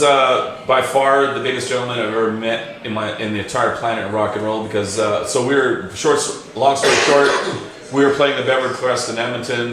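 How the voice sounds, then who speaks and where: Canadian guy telling a rowdy story in a pub, lots of uh and swearing, super echoey. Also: mid-range voice. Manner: animated, swearing, lots of fillers and restarts. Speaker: talk show host. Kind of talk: casual storytelling.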